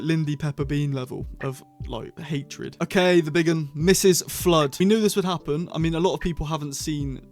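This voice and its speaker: A man hosting a casual review vlog, talking in a chatty, rambling way and often correcting himself. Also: on the high side. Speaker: channel host reviewing episodes.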